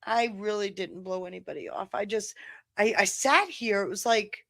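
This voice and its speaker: A woman's voice: medium pitch, moderate pace, creaky, a bit bright, no room sound. A woman co-hosting a live stream, chatting casually in a rambling, self-deprecating way and laughing easily. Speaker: co-host of a live stream show. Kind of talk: casual chat.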